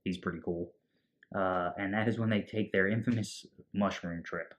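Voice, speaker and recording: Deep-voiced guy recapping a movie, does the characters' lines. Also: fairly even intonation, normal speed, a little hiss or hum. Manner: retells scenes acting out characters' lines. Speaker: movie podcast co-host. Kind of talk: casual movie recap chat.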